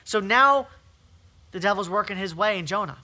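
A man preaching an emphatic, repetitive sermon, swinging between forceful calls and quieter stretches. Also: high voice, expressive, normal speed. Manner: emphatic, repetitive preaching with rising and falling intensity.

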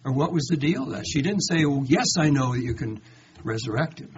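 A man of middling pitch leads a conversational Bible study, reading a passage and then stopping to ask his listeners rhetorical questions. He acts out the quoted lines with lively emphasis. The recording is dull and lo-fi, with a faint hiss of background noise behind him. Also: moderate pace. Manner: reads verses aloud then comments with rhetorical questions. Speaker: Bible teacher.

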